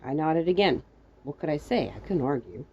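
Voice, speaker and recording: Soft-spoken woman reading fan fiction. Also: sits low, very animated, moderate pace, slightly rough, highs cut off. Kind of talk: first-person story reading.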